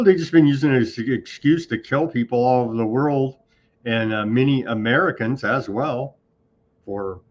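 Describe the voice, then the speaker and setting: A man's voice: medium pitch, slight background noise. A man hosting an online news show in a loose, off-the-cuff way, with sarcastic asides. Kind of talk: casual online news commentary. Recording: slightly dull lo-fi sound.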